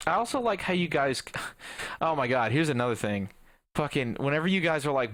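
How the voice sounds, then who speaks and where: Bright-voiced ranting young man streamer. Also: on the high side, lively intonation, brisk. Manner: profane, ranting, bursts into shouting. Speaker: gaming livestreamer. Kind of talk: casual livestream rant.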